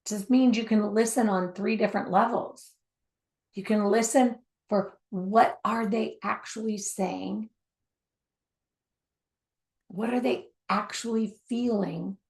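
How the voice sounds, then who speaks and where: A woman giving a spoken teaching on communication, emphatic and repetitive for stress, sometimes dropping to a soft near-whisper. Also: mid-range voice, steady tone, slow pace, vocal fry, pauses often.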